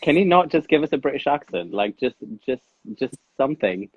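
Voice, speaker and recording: A man hosting a casual interview, asking teasing questions in a playful, excitable way. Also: medium pitch, fairly quick, dry recording, highs cut off. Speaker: podcast host.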